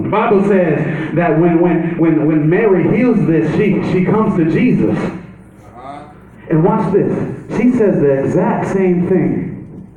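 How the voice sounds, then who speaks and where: A man preaching a sermon, telling the story with animation and acting out the people in it, rising to shouts. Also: high voice, lively intonation, slow pace. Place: church sanctuary. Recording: echoey church hall from off-mic, dull sound.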